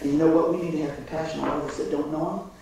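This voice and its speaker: A man preaching a sermon and telling a story, animated, laughing and shouting at the high points. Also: racing. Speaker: pastor. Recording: very echoey hall, distant mic, faint noise.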